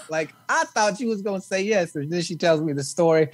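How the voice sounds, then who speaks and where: A man's voice: on the high side, fairly quick, hardly any pauses. A man co-hosting a comedy podcast, telling a story in a laid-back, blunt way with crude punchlines. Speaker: podcast co-host. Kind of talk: casual comedic chat and storytelling.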